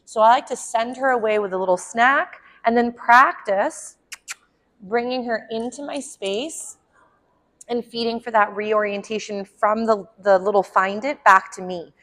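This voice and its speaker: A woman dog trainer explaining puppy training in a friendly way at home, with frequent ums and quick asides to the puppy. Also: fairly high pitch, fairly bright tone. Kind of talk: instructional dog-training demo.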